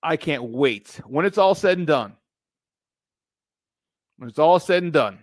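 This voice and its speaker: A middle-aged man hosting a live sports talk stream, animated and emphatic, repeating his points and greeting viewers by name. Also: a little high, measured pace, dry recording, clean studio sound. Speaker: sports talk show host.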